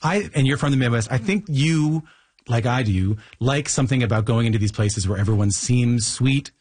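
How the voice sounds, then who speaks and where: A man's voice: medium pitch, normal speed, darkish tone, slightly rough, no room sound. A man from Newfoundland hosting a casual interview, an eager and chatty questioner. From Newfoundland, Canada. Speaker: interviewer host.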